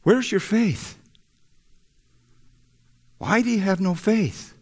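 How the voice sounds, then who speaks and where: A male preacher voicing a commanding man calling out over the wind, pitched well above the preacher's own talk and pressing hard on each word. His voice rings through an echoey hall. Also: slow pace. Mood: reproachful. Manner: raised, urgent declaiming. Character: commanding man calming a storm.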